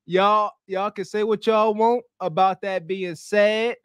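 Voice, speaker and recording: A man co-hosting a reaction podcast, talking in an animated, slangy way and mimicking the people he reacts to. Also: high voice, slow pace, clear, resonant tone, dry recording, clean studio sound, faint music behind. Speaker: podcast co-host. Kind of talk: casual reaction commentary.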